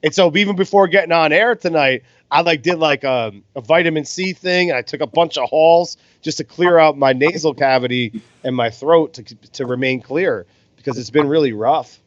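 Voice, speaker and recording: A man's voice: fairly high pitch, normal speed, hardly any pauses, no echo. A man co-hosting a casual boxing podcast, commentating on fights over beers in a laid-back, sweary way. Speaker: podcast co-host. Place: home in Las Vegas. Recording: dull, dry lo-fi sound.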